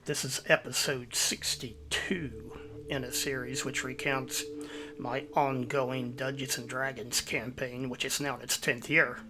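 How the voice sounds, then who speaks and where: A man hosting his own video, giving a measured, explanatory voice-over. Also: medium pitch, flat delivery, background noise. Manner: measured, explanatory, citing sources. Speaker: YouTube host.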